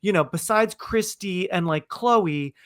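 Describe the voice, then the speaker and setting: A man's voice: sits high, unhurried. A man hosting a podcast in casual chat, rambling and thinking aloud with lots of fillers. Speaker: podcast host.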